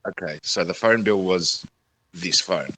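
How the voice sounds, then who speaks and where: A man's voice: sits low, measured pace, bright, forceful tone, breathy edge, no echo, low-quality recording. An Australian man in casual chat, asking teasing, probing questions on a call.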